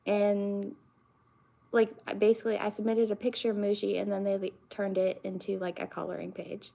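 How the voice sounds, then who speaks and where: A woman's voice: medium pitch, level tone, moderate pace, creaky, dark tone. A young woman, chatting casually with her stream viewers in a rambling way, full of fillers and restarts. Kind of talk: casual live-stream chat.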